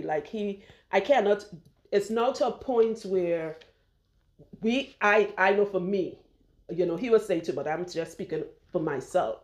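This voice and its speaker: A woman's voice: medium pitch, dark tone. A woman chatting casually while her hair is done, rambling and laughing often, on a clip-on mic. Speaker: loctician and vlogger.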